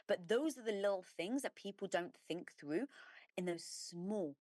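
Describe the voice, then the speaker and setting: A woman's voice: medium pitch, no room sound. Emphatic woman telling a story, dry sound. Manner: emphatic and animated, acting out her own past thoughts. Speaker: entrepreneur guest. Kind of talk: storytelling interview talk.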